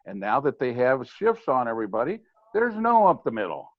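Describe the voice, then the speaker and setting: A former ballplayer turned hitting coach, now an older podcast guest, talks baseball hitting in an emphatic, matter-of-fact way during a casual chat. His medium-pitched voice swoops wildly at a moderate pace, in a dry, slightly dull, lo-fi recording.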